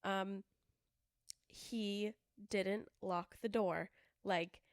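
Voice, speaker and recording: A young woman co-hosting a casual podcast, telling stories and playing out both sides of a conversation. Her voice sits at a middle pitch and is recorded dry and close, with no room around it. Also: drawn-out words, clean tone, no room sound. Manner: animated storytelling, acts out quotes. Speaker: podcast co-host. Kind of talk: casual chat.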